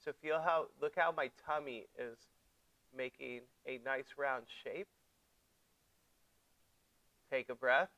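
A man teaching a yoga class, giving gentle step-by-step cues for breath and poses, playful with his young students. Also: mid-range voice, takes it slowly, pauses often, no room sound, poor audio. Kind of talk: guided yoga class instruction.

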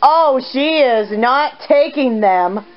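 A woman giving excited, gushing commentary while playing a video game, often squealing out exclamations. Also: high voice, takes it slowly, clear, resonant tone. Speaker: let's play gamer. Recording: slightly dull sound with game music.

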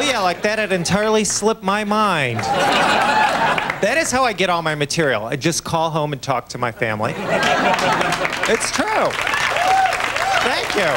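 A man from Buffalo, New York, doing a stand-up comedy set on a TV stage, with a lively, punchy delivery and quick voiced impressions of his family. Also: fairly high pitch. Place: comedy club stage on a TV show with a live audience. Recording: loud audience laughter and noise.

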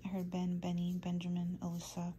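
Woman tarot reader, low flat hushed voice, rambling intuitive delivery, faint noise behind. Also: a little fast, poor audio. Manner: rambling, listing names as they come. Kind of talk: channeled tarot reading to viewers.

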